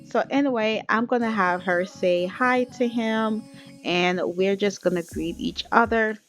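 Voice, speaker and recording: A woman's voice: medium pitch, measured pace, fairly bright tone, faint music behind. Chatty woman narrating a sim story. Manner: chatty, addresses viewers as y'all. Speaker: life-sim game storyteller. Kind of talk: casual game story narration.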